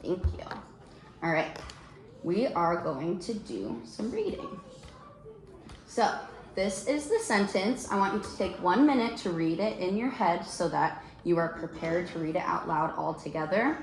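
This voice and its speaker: A woman teacher leading a small-group reading lesson, patient and encouraging, slowing down to explain letter sounds. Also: fairly low pitch, lively intonation, reverberant. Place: classroom.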